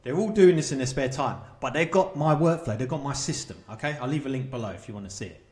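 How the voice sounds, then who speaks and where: A man with a mid-range, slightly mellow voice coaches viewers on self-publishing in a quick, casual talk to camera. He's emphatic, stressing and repeating points and checking in with rhetorical "right?" and "okay?".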